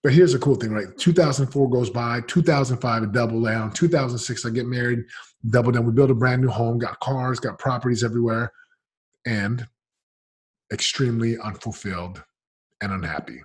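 A man's voice: mid-range voice, normal speed, slightly rough. A man in his forties, a podcast guest telling his story candidly in an emphatic, casual, slangy way.

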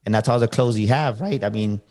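Interviewed as a motivational speaker, a man with a lowish voice talks fast while casually sharing a personal story. He's animated and acts out what people said to him.

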